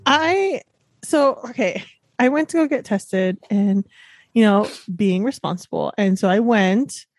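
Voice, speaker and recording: A young woman co-hosting a podcast, talking in a slow, relaxed, chatty way. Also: medium pitch, no echo, studio quality. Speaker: podcast co-host. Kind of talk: casual chat.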